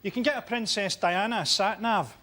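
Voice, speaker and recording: A man delivering deadpan stand-up one-liners. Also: sits high, normal speed. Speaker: comedian. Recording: studio with audience noise.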